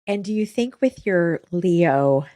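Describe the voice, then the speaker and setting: A woman interviewing a guest in a casual chat. She is friendly, laughs along, and asks gentle follow-up questions. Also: fairly low pitch, expressive, takes it slowly, dry recording, clean studio sound.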